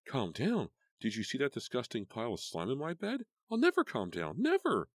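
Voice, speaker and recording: A man reading an audiobook, voicing an upset, angry teenage girl in a high, agitated voice. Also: huge pitch swings, normal speed, dry recording, studio quality. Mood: furious. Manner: shrill and agitated.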